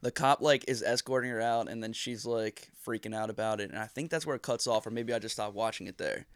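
A man's voice: fairly low pitch, fast talker, dry recording. A man in his thirties co-hosting a podcast, telling stories in a loose, rambling way with laughs and swearing. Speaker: podcast co-host. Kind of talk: casual chat.

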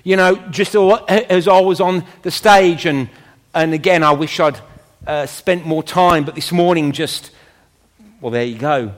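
Impassioned high-voiced male preacher. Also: measured pace, long reverb tail. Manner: impassioned, swells up high then drops to a low hush. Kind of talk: sermon. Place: church.

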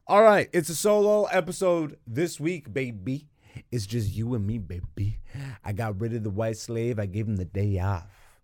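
A man's voice: fairly high pitch, no echo. A man hosting his own podcast in a studio, riffing alone in a goofy, profane, joking way into a studio microphone. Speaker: podcast host. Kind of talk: casual comedic solo monologue.

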